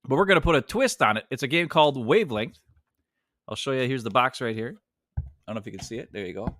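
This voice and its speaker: A man's voice: mid-range voice, animated, fast talker, a bit bright, no echo. A man co-hosting a fan talk show over a video call, explaining a game at length in a chatty, rambling way. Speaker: co-host of a sports fan show.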